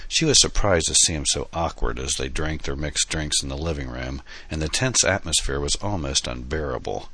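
A man reading an audiobook in a steady, earnest storytelling manner. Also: a bass voice, moderate pace, hardly any pauses, husky. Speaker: narrator. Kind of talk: audiobook narration.

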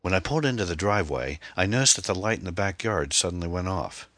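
A harsh, scornful middle-aged man, rough and angry, as a male narrator plays him. His voice is very deep, with a bright edge. The sound is close and dry. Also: lively intonation, quick pace, no room sound.

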